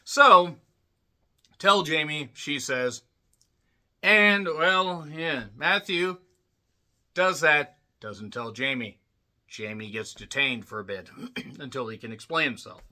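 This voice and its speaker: A man giving a rambling, casual movie recap, clearing his throat often and swearing bluntly. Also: medium pitch, slow, long pauses, bright, forceful tone. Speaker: movie reviewer.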